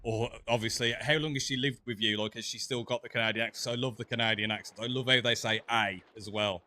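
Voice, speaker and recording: A young English man with a softened Black Country accent talks casually over his gameplay, laughing easily and stumbling over his words now and then. His voice is bright and forward, with a pitch that sits in the middle. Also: steady tone, fast. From English West Midlands. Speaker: streamer. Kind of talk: casual chat while gaming.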